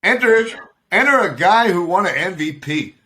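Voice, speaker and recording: Loud bright guy on a video call, jokes a lot, swears, laughs, kinda high voice. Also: normal speed. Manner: animated, joking, profane, laughs often. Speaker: podcast co-host. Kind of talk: casual sports chat.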